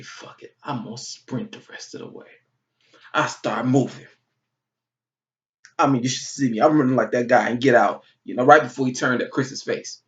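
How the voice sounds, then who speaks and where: A young man from Georgia in his twenties, telling a funny story in a vlog, animated and full of swearing. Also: lowish voice, creaky. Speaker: vlogger. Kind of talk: comic storytelling. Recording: dull, slightly distant recording.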